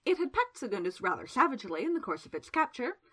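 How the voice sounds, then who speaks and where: Lively female storyteller for audiobook; bright, slightly breathy tone. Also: a little high, fast talker. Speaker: narrator. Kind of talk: audiobook narration.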